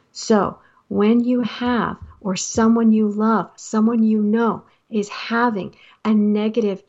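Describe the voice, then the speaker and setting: A woman's voice: mid-range voice, a little mellow, highs cut off. A married woman hosting a motivational talk, advising listeners earnestly and laughing now and then at her own points. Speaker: host.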